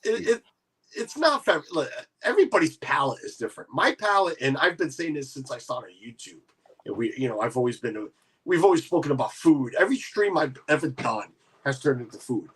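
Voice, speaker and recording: A man's voice: medium pitch, very animated, a little fast, a bit bright, breathy edge. A man hosting a casual livestream chat, rambling with many restarts. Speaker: livestream host.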